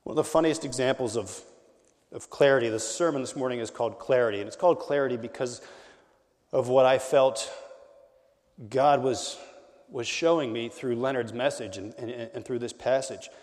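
A man preaching a conversational sermon as a pastor, swinging between loud emphasis and quiet, intimate lines. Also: medium pitch, normal speed, in a large hall.

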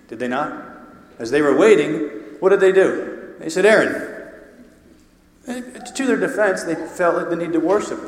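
A man preaching a sermon, animated and conversational, with his voice rising and falling in volume. He throws in playful asides to the congregation. The long reverb of a church hall trails after his words. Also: fairly high pitch.

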